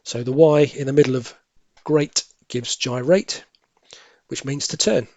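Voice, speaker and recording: A man talking his way through a crossword, pausing to mutter clues under his breath before explaining them. His voice sits in an ordinary middle register. It is recorded close and dry, with no room sound. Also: medium pitch, darkish tone, no echo. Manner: musing, self-correcting, half-muttered asides. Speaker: crossword solving tutor. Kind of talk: thinking aloud while solving a crossword.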